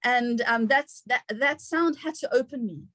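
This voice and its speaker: A woman's voice: fairly high pitch, unhurried, fairly bright tone, no room sound. A woman hosting an online gathering, sharing personal stories in a chatty way with frequent laughter and fillers.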